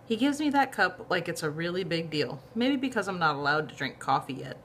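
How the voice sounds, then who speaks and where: A woman casually reading a novel aloud in a lively, conversational way. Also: fairly low pitch, fairly quick, a little hiss or hum. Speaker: reader of a novel.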